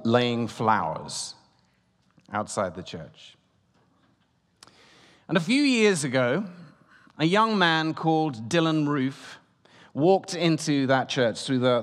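A man giving a sermon as guest preacher, telling a story and swinging between loud and hushed delivery. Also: medium pitch. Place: church. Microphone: room microphone. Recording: long church reverb.

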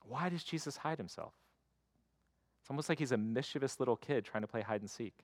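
A man's voice: medium pitch, a little fast, no echo. A man preaching a sermon in a conversational way, slipping into quoted voices to act out the stories. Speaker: pastor.

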